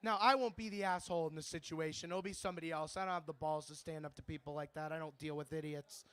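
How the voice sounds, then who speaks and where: A young man with a high, smooth voice, riffing through a brash stand-up routine that rambles and swears freely. The sound is dry and close, with almost no room echo. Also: steady tone, fast talker, fairly bright tone. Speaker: stand-up comedian. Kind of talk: stand-up comedy set. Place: bar open-mic stage.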